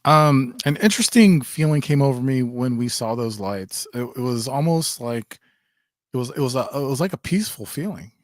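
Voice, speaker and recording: A male guest answers softly and haltingly on a live show, often restarting his sentences. His voice sits mid-range and sounds close and dry. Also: mid-range voice, animated, dry recording. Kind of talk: casual interview answers.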